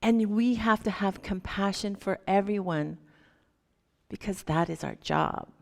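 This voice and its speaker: A woman's voice: mid-range voice, measured pace, creaky. A woman minister giving a sermon, telling stories animatedly and acting out the voices in them. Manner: animated, acts out quoted voices in her stories. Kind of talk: sermon with storytelling. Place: church sanctuary. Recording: long hall reverb.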